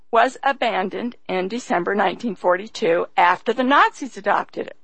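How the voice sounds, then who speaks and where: A woman reading commentary aloud in an emphatic, deliberate manner, formally marking quotations as she goes. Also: fairly high pitch, a bit bright, no echo, low-quality recording. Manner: emphatic, deliberate, quotes sources with "I quote".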